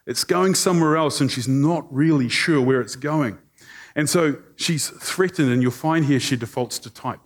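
Animated, joking male preacher. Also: on the high side, moderate pace. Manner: animated, conversational, joking with the congregation. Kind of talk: sermon.

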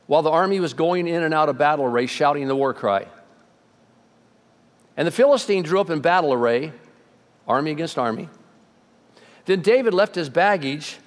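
Male preacher, animated storyteller, slightly high voice, reverberant hall sound. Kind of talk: sermon.

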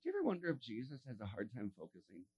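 A man preaching a sermon, telling stories and acting out the voices of the people in them, dropping to a hush and then rising to a shout. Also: medium pitch, huge pitch swings, very fast, breathy edge, muffled recording. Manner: acts out voices in his stories, swings from hushed to shouting. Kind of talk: animated sermon storytelling.

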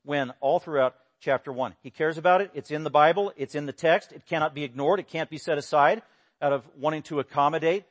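A man preaching a sermon, emphatic, swinging between loud exclamations and quiet explanation. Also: brisk. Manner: emphatic, rising to loud exclamations then dropping low. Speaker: pastor.

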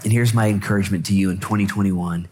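A male pastor preaching a lively sermon at a church service, joking and repeating phrases for emphasis. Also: sits low, fast, slight background noise.

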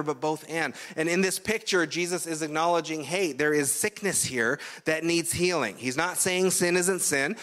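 A man's voice: a little high, a bit bright. A man from Canada preaching a sermon in a conversational, explanatory way, often checking in with "right?". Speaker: pastor.

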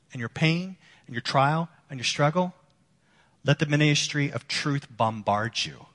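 A man preaching a sermon as a pastor, earnest, moving between emphatic lines and hushed ones. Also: medium pitch. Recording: long hall reverb.

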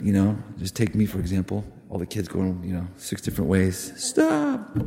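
A man preaching a sermon, earnest and emphatic, with sudden loud rises on key words. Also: medium pitch, creaky. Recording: long reverb of a hall.

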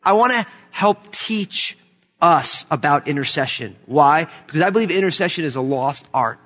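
A man's voice: a little high, animated, normal speed, sharp tone. A man from the United States preaching a sermon, emphatic and fervent, with many rhetorical questions. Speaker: pastor. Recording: long hall reverb.

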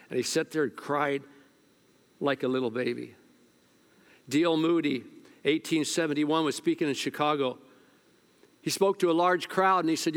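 A male pastor preaching a sermon at a church service, telling stories, sometimes hushed and sometimes loud. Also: a little high, normal speed, long pauses.

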